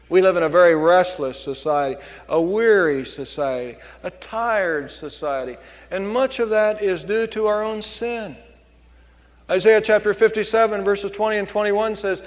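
A male pastor delivers a sermon in a notably high voice, hammering his points with repeated phrases. His words ring out with a long reverberant tail from the church sanctuary around him. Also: normal speed. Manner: preaching with emphatic repetition.

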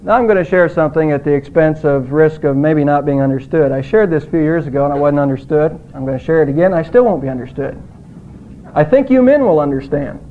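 A man's voice: fairly high pitch, fast talker, a little hiss or hum. A male pastor preaching a sermon in an earnest, emphatic way, his voice rising on quoted words. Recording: tinny phone-like audio.

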